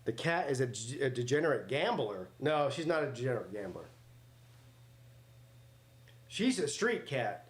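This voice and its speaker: A man's voice: mid-range voice, big pitch swings, normal speed, pauses often. A man hosting a live watch-party stream, joking crudely, commenting on the game and reading chat aloud.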